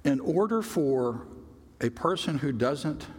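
A man preaching a sermon as a pastor, emphatic, swinging from loud bursts to quiet, drawn-out words. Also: fairly high pitch, lively intonation, slightly rough. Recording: long reverb of a large hall.

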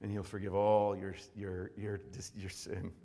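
Man, pastor, sermon, fervent, swings from soft to shouting, reverberant church. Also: fairly low pitch, level tone, measured pace, vocal fry.

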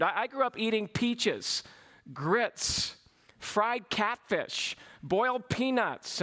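A man's voice: very high-pitched, pushed and bright. A middle-aged man with a Southern US accent from Georgia, preaching a sermon in a folksy, humorous storytelling manner. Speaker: pastor.

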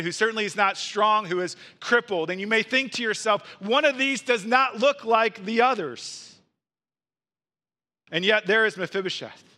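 A man in his thirties preaching a sermon in church, earnest, building through repeated rhetorical questions and dropping soft at times. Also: sits high. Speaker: pastor.

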